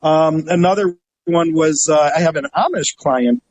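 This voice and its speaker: A middle-aged man with a slightly high voice tells stories in a relaxed interview. He acts out the people he describes and laughs often. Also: unhurried, low-quality recording. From Northeast Ohio. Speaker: guest, travel website owner. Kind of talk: casual storytelling interview.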